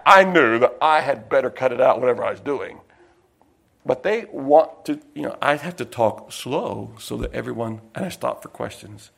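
Male preacher, high voice, folksy, rambling sermon with personal stories, slows to stress points. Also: vocal fry. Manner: folksy, digressive, with personal anecdotes.

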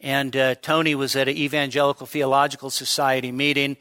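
A man's voice: mid-range voice, flat delivery, a little fast, sharp tone, clean tone. A male pastor giving a midweek teaching sermon, explaining step by step and often checking in with his listeners.

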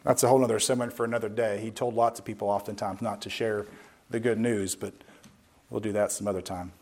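A man giving a sermon-style Bible lesson, speaking emphatically and slowing down to stress key words, with conversational asides to his listeners. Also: lowish voice, fairly even intonation, darkish tone. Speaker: Bible teacher.

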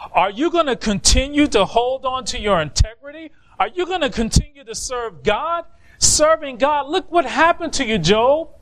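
A man voicing the bitter, pleading wife of a suffering man, with scornful, insistent questions, raising his voice higher than his own. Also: a bit bright, exaggerated voice, rough recording.

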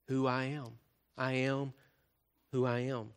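Male pastor, mid-pitch, sermon delivery, habitual "right?" checks, builds loud then drops hushed. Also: level tone, slow, clean tone. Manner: frequent tag questions "right?", swells louder then drops soft.

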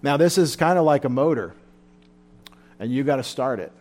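A man preaching a sermon at a Bible study, fervent and emotional, his voice rising loud and then dropping back. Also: mid-range voice, lively intonation, moderate pace. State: tired. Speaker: pastor.

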